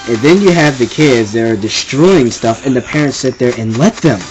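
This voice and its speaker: A man's voice: mid-range voice, expressive, normal speed, darkish tone, soft background music, poor audio. A young man ranting casually and with exasperation, rambling and repeating himself. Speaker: vlogger ranting. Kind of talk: casual rant to camera.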